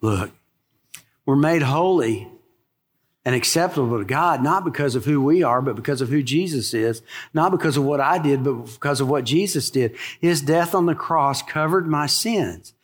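A male pastor preaching a lively sermon, asking the congregation questions and joking with them. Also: medium pitch, normal speed. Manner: animated preaching with rhetorical questions and asides to the congregation. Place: church sanctuary. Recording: live in a church with long reverb.

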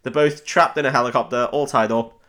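Male podcast host, mid-pitched, sweary, does silly character voices while recapping. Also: steady tone, fairly quick, a bit bright. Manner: sweary, jokey, acts out characters in mocking voices. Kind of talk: casual chat recapping a film.

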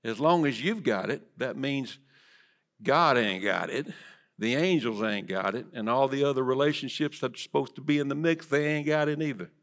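Male pastor, mid-pitched, dynamic sermon delivery, drops to whispers for effect. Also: normal speed. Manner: dynamic preaching, swinging from loud emphasis to soft whispers. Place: church sanctuary.

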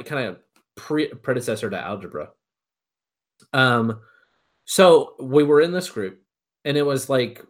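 Animated man telling stories. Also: mid-range voice. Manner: animated storyteller, mimics voices in anecdotes. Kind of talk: casual chat.

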